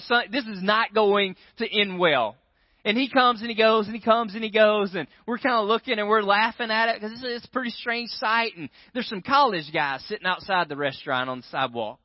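Telling a story with lots of animation, this pastor keeps turning to the congregation with "right?" as he preaches. He has a high-pitched voice, and the recording is dry, dull and lo-fi with no echo.

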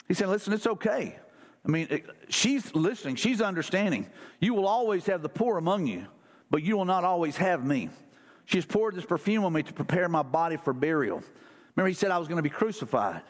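A man's voice: sits high, big-room sound. A man preaching a sermon as pastor in a casual, conversational way. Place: church sanctuary.

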